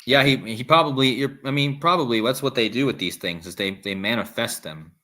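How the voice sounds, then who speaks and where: A man's voice: mid-range voice, brisk, bright, forceful tone. A man hosting a casual live stream, rambling with restarts and reading viewer comments aloud. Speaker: livestream host.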